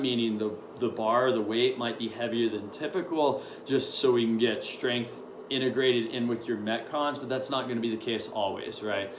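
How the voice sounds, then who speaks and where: A man coaching at a gym, giving a casual, upbeat update and workout briefing with lots of ums. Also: medium pitch. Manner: upbeat, rambling with many ums. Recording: echoey room with faint noise.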